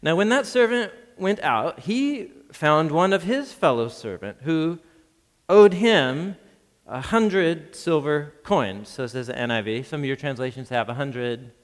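A man's voice: a little high, a little slow. Man preaching in a reverberant hall. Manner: lively, reads scripture with acted voices, laughs often. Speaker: pastor. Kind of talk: sermon.

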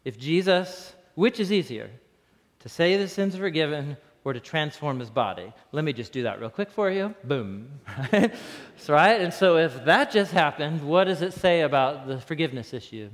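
A man delivers a conversational sermon with a slightly higher than usual voice. He talks loosely and animatedly, laughing between points, and his words ring out with a long reverb tail in a large hall. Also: normal speed. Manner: casual, animated, laughs often. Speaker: pastor.

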